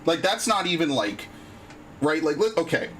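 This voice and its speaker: Male streamer, frustrated and profane, slightly high, lively pitch. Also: normal speed, a little hiss or hum. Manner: frustrated, swears a lot. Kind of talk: casual live-stream chat while gaming.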